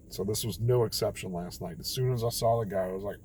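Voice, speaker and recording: A man's voice: fairly low pitch, fairly quick, mellow, slight background noise, low-quality recording. A young man telling a rambling, self-deprecating story late at night, tired and quoting others as he goes. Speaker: vlogger.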